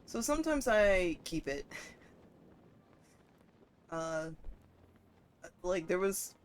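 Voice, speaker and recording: A woman streamer chatting casually and profanely while she plays a game, getting worked up and loud at times. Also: lowish voice, very animated, drawn-out words, clear, resonant tone. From northern United States. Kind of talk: casual gaming stream chat.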